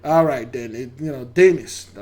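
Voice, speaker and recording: A man's voice: mid-range voice, moderate pace, dark tone. An older man hosting his channel, giving rambling casual commentary on a news clip, stammering and repeating his words. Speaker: channel host.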